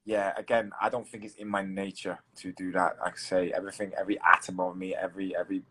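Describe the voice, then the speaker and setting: A man from England, an energetic guest who laughs loudly. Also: low-pitched, fast, a little hiss or hum. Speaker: guest fighter. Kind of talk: casual chat.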